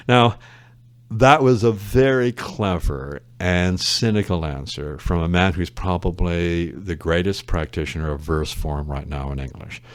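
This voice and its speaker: Low-voiced professor, wry and thoughtful. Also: male voice, no echo. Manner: thoughtful, wry, digressive explainer. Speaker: English literature professor, guest. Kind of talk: casual podcast interview.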